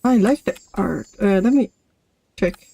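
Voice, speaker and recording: Woman streamer, casual and swear-heavy, mid-pitched. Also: measured pace, vocal fry, warm tone, slightly rough. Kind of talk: casual game commentary.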